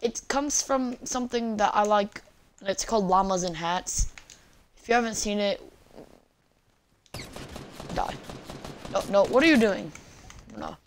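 A woman narrates her gameplay in a goofy, joking way, playfully teasing her viewers. Her voice sits at an ordinary middle pitch. A faint hiss runs under it. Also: normal speed. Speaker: gaming channel host. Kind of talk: let's-play gameplay commentary.

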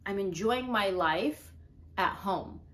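Woman, 30s, comedian hosting her own vlog: chatty, earnest, a bit winded, mid-pitched. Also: lively intonation, takes it slowly, a bit bright. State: out of breath. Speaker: comedian and video host. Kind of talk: casual talk to camera.

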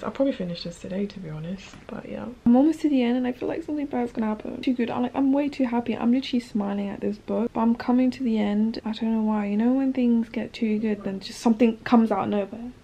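A woman's voice: mid-range voice, vocal fry, slight background noise, poor audio. Gushing young woman vlogging about books. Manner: gushing, excitable, drifts into soft whispers. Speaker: book vlogger. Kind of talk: casual vlog chat.

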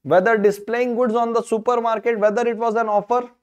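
A man's voice: very high-pitched, little pitch movement, brisk, smooth. A man with an Indian English accent teaching a law lecture online, repeating key phrases with emphatic, rhetorical questions. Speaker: law tutor.

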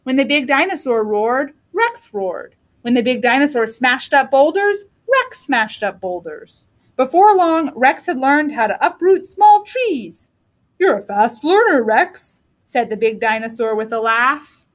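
A woman teacher reading a storybook aloud to young children in an expressive, animated way. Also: sits high, unhurried. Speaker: kindergarten teacher.

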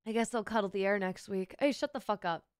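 A woman's voice: mid-range voice, fast talker, very noisy. A young woman streamer with a sick, sore throat, chatting playfully with her viewers and swearing freely. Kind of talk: casual live-stream chat with viewers.

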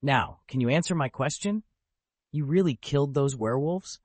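A man voicing a calm, cold young male wizard who speaks in a matter-of-fact way. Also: medium pitch, normal speed, no room sound, pitched above the performer's own voice, natural voice. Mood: cool.

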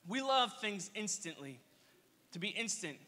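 A young man preaching a casual youth sermon, telling energetic, slangy stories with playful asides. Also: high voice, unhurried. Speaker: youth pastor. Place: church hall. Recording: long reverb of a church hall.

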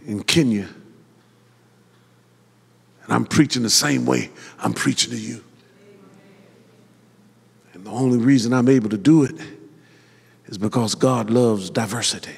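A man's voice: mid-range voice, unhurried, gravelly, pauses often, slightly rough. A man preaching a sermon as pastor, building up to hollering peaks and calling on the congregation to answer. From Detroit. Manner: preaching in rising, hollering build-ups with call-and-response. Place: church sanctuary. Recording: reverberant church hall.

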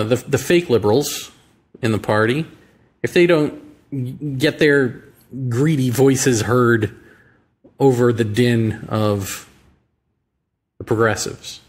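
Musing American man hosting a monologue. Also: medium pitch. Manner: musing, rhetorical questions, slow deliberate phrasing. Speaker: podcast host. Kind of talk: reflective monologue on politics and spirituality.

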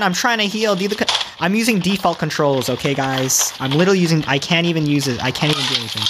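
A young man giving excitable, profanity-filled commentary while playing a mobile game. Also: fairly high pitch, fast. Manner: excitable, cursing, complaining. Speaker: gamer. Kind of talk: casual gameplay commentary. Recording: loud background noise.

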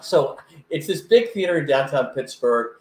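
An older man telling a lively anecdote in a casual chat, acting out other people's voices as he goes. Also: fairly high pitch, normal speed, echoey room. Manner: animated, acts out voices in anecdotes. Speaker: guest.

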